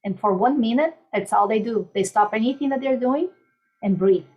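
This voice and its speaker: Gentle soothing woman life coach. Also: a little high, moderate pace, muffled recording. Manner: gentle, soothing coaching with softly spoken mantras. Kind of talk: podcast interview.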